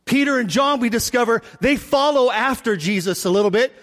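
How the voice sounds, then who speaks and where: High-voiced man preaching in a reverberant hall. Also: a little fast. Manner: animated storytelling, acts out voices. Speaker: pastor. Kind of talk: sermon.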